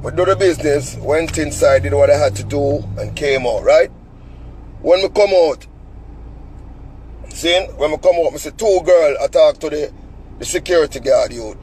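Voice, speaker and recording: A man's voice: on the high side, normal speed, darkish tone, a little hiss or hum, poor audio. A Jamaican man telling a story as an angry, cussing rant in heavy patois, sitting in a car. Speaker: vlogger.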